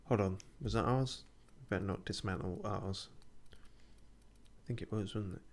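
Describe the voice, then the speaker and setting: A man with a slightly low voice plays through a game on stream, narrating casually as he goes. He mutters to himself with dry, sarcastic asides. A faint hiss sits under the recording. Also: a little slow. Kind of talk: casual let's-play commentary.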